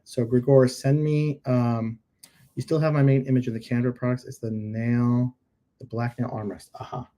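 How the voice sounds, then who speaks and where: A man running a live stream reviews product listings on his screen, chatting casually with joking asides and emphatic repeats. He has a warm, mid-range voice and a flat delivery at a moderate pace.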